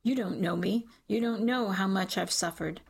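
A woman's voice: mid-range voice, normal speed, vocal fry, slightly rough. Cold, cutting mother, read by a woman. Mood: scornful. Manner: scornful, clipped.

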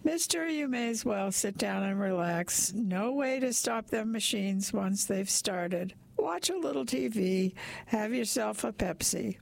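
A woman's voice: mid-range voice, animated, measured pace, creaky, no room sound. A woman reading aloud, voicing a tall, self-assured laundromat attendant who speaks in a folksy, motherly way. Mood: calm.

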